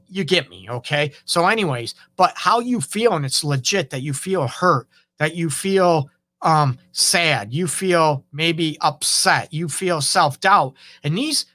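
Bright-voiced man giving relationship advice. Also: on the high side, big pitch swings, unhurried, dry recording. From Detroit area. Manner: conversational, acts out quoted dialogue, frequent "okay?" and "you know". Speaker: relationship counselor and show host. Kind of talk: casual advice talk.

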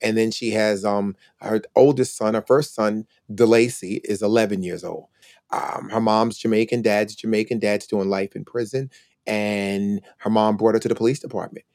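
A reflective man in his sixties tells stories of his family as a podcast guest, now and then taking on the voices of the people he quotes. His voice sits low. The sound is close and dry, with no room around it. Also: steady tone, normal speed, a little mellow, no room sound. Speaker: podcast guest, retired police officer. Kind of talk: storytelling interview talk.

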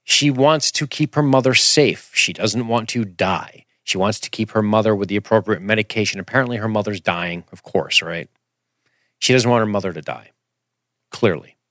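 A man hosting a podcast, reviewing a film in an animated, rambling, jokey casual chat. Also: on the low side, moderate pace, no echo, clean studio sound. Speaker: podcast host.

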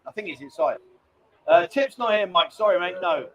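A man's voice: high-pitched, animated, normal speed, a bit bright, lo-fi sound, slight background noise. A man hosting a casual live stream from a lounge bar, chatting with viewers and reading their messages aloud. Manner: chatty, reads viewer messages aloud, calls people mate. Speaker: livestream host.

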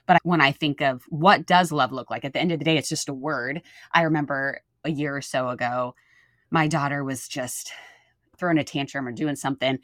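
A woman who is a mother, co-hosting a faith-based parenting podcast and telling stories in an animated way, acting out the lines she quotes. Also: low-pitched, moderate pace, no echo, studio quality.

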